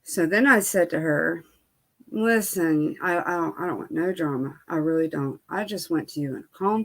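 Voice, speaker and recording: A beauty vlogger with a lowish voice tells a storytime in casual conversation. She's candid and venting, packing in fillers and quoting the back-and-forth exchanges.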